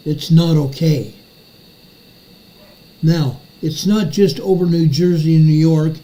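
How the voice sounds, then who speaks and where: Slow, mellow-voiced older man ranting furiously. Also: on the high side, poor audio. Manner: furious, repeats phrases for emphasis. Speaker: show host. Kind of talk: ranting commentary monologue.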